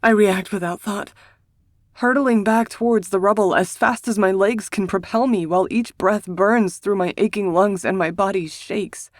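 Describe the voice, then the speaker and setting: A woman reading a first-person romance novel aloud in a hushed, emotional manner, as a scripted audiobook narration. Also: medium pitch, moderate pace, no room sound, studio quality.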